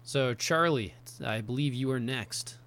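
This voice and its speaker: A man's voice: medium pitch, a little slow, a bit bright. A man co-hosting a podcast in casual chat, rambling with lots of fillers and frequent laughs. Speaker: podcast co-host.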